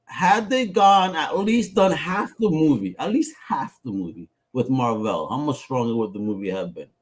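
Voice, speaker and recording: A man co-hosting a casual podcast chat, brash and excitable, swearing freely and swinging between loud bursts and low mutters. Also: moderate pace. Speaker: podcast co-host.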